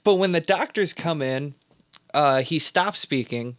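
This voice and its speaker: A man's voice: fairly high pitch, animated, unhurried. A man hosting a podcast, casually recapping a film plot in a rambling, laid-back way with plenty of fillers. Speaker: podcast host.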